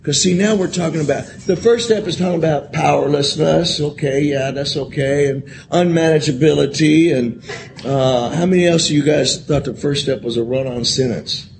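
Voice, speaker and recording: A man's voice: fairly high pitch, normal speed, creaky, a little mellow, a little hiss or hum, poor audio. A man telling his recovery story to a convention audience, candid and profane, talking straight to the crowd and repeating phrases for emphasis. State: emotional at times. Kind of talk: personal recovery share to an audience.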